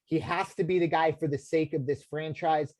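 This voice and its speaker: A man's voice: on the high side, steady tone, moderate pace, dry recording. Rambling American man on a podcast. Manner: rambling, filler-heavy, many restarts. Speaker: podcast co-host. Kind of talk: casual sports talk.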